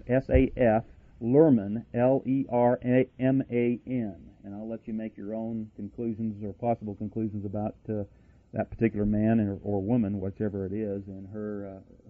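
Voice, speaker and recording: Delivered in a fairly low voice with no echo, the sermon is emphatic, peppered with rhetorical questions and asides, with frequent restarts. It sounds like a dry, tinny radio broadcast.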